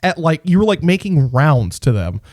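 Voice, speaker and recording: A man co-hosting a podcast, telling stories in an animated way and swearing freely. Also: fairly high pitch, normal speed, no room sound, studio quality. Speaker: podcast co-host. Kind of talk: casual podcast chat.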